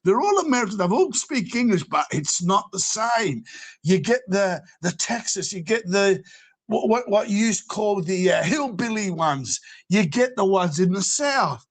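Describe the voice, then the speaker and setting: Australian man, high-pitched, loose rambling talker on a live panel. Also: lively intonation, normal speed. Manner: rambling, laughs often, restarts a lot. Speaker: panel guest. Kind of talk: casual chat.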